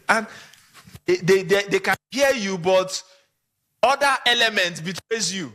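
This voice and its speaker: A Nigerian man gives a conference talk to photographers. His voice sits high and comes across bright and forceful. He talks in an animated way and acts out small examples along the way. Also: a little slow, long pauses. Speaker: conference speaker.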